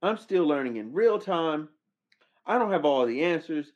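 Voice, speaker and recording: A man hosting a casual commentary podcast, talking in a slangy way with incredulous, animated outbursts. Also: on the high side, normal speed, highs cut off. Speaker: podcast host.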